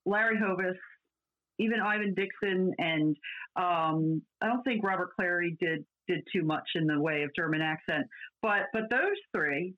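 A woman's voice: lowish voice, moderate pace. A woman co-hosting a casual chat, talking in a chatty way with many restarts and fillers. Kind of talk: casual chat about classic TV. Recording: dull lo-fi audio.

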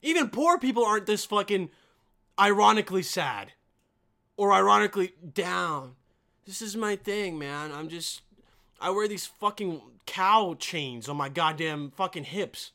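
A man tears into the clips he is watching in a foul-mouthed, exasperated rant, his voice bright and tense. He keeps breaking into outraged yelling as a reaction-video host, never calming down for long. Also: high voice, a little slow. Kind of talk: profane comedic reaction rant.

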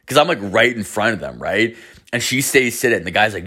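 Low-voiced dude rambling a story on his podcast, swears nonstop, lots of likes. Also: lively intonation, a little fast, sharp tone, breathy edge. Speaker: podcast host. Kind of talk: casual storytelling.

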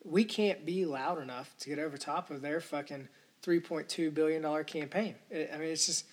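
In this solo podcast monologue, the male host rants indignantly and at length, swearing throughout. His voice is fairly high and his speed normal.

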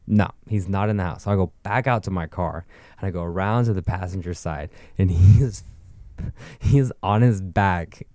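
A man's voice: low-pitched, dark tone, no room sound. A young man telling a rambling, profane story in casual chat. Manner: profane, rambling, with frequent likes.

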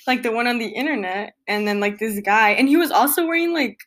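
A young woman recounts a story in relaxed, casual chat. She sounds animated and giggles often, and "like" fills her speech. Her voice sits a little on the high side. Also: brisk.

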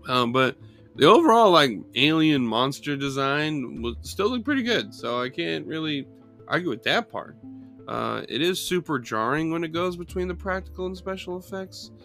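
A man's voice: a little high, big pitch swings, moderate pace, vocal fry, a bit bright, faint music behind. A man giving a loose, rambling, profane movie review, with lots of fillers and small laughs. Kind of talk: casual solo movie review.

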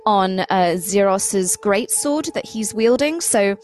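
A woman player in a tabletop game, talking through what her character does. She speaks casually and hesitantly, searching for words, in a mid-pitched voice. Faint music plays behind her. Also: expressive, slow pace, darkish tone. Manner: hesitant, chatty.

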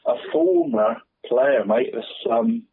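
A man's voice: mid-range voice, huge pitch swings, slow. A man chatting about local football on the radio, rambling, laughing often and calling everyone "mate". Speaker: regular football pundit. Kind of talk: casual radio chat. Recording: husky voice over a tinny phone line.

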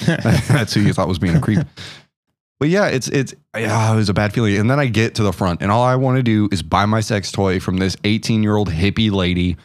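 A man's voice: lowish voice, no echo, studio quality. A man co-hosting a podcast, telling self-deprecating stories in casual, rambling chat. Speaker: podcast co-host.

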